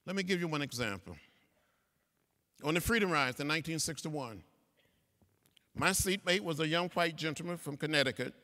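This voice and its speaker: A man's voice: on the high side, animated, normal speed, long pauses, pushed and bright. A man in his seventies giving a speech to students in a large lecture hall, with a preacherly cadence and repeated phrases. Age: 70s. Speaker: guest speaker. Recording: reverberant hall sound.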